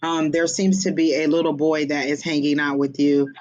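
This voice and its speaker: A woman giving a psychic reading on a livestream, chatty and hesitant, with many pauses and ums. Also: low-pitched, little pitch movement, darkish tone, slight background noise. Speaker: psychic reader. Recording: slightly dull lo-fi stream audio.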